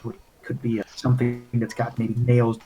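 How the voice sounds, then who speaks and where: A man's voice: mid-range voice, completely flat delivery, normal speed, mellow, slightly rough, low-quality recording. A man running a tabletop role-playing game, narrating in a rambling way with many fillers. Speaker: game master.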